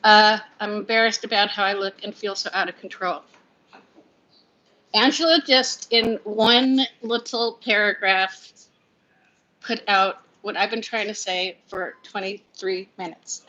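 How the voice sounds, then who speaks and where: In a lo-fi livestream from home, a woman in her fifties chats in a scattered, confiding way, laughing through her sadness. Her mid-range voice holds a steady tone, pushed and bright, and she talks a little slowly.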